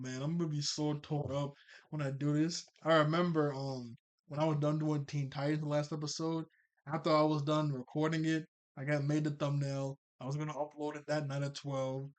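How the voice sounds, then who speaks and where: A man's voice: fairly high pitch, fairly even intonation, moderate pace. A young man casually recapping a cartoon episode, rambling with lots of fillers and frequent laughs.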